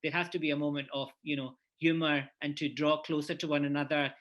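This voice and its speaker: Scottish man, panelist, fairly high bright voice, earnest, stop-start delivery. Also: level tone, fairly quick, dull audio. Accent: Scottish, Glasgow. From Scotland. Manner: earnest, many repeated restarts. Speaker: panelist, head of university department. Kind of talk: conference panel discussion.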